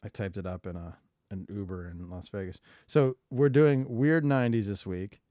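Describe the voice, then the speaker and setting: A man's voice: fairly low pitch, normal speed, warm tone, no echo, clean studio sound. A man co-hosting a podcast, rambling and joking casually while filling airtime, swearing freely. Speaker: podcast co-host.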